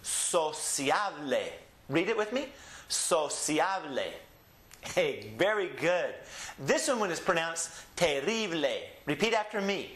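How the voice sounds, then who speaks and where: A man teaching a Spanish pronunciation lesson, saying each model word slowly and asking the listener to repeat it. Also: high voice, sing-song, fairly bright tone. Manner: slow drilled model pronunciations with call-and-repeat prompts. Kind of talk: recorded classroom lesson. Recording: echoey room.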